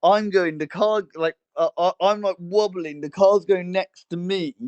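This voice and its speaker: Rambling young man, higher voice. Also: steady tone, unhurried, darkish tone, smooth, muffled recording. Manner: rambling storyteller, many fillers and restarts. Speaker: podcast co-host. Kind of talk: casual chat.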